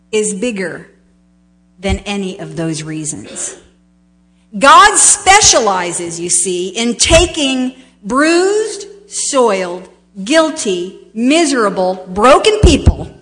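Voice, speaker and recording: A woman with a high voice preaching a sermon. She speaks slowly and with emphasis, pausing for effect and swelling on key words. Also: fairly bright tone. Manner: slow, emphatic preaching with dramatic pauses and swells.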